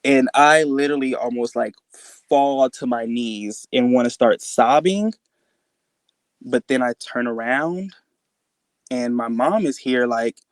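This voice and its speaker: Man haltingly recounting a strange night. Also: smooth, no echo. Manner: rambling, halting, many fillers and restarts; acts out quoted dialogue in a raised pitch. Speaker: guest telling a personal encounter story. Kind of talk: casual spoken recounting.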